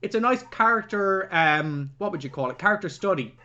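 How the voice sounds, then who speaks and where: A man's voice: high voice, animated, a little fast, pushed and bright, lo-fi sound. A man co-hosting a podcast, reviewing a film in rambling, chatty talk with jokey asides. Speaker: podcast co-host. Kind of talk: casual film-review chat.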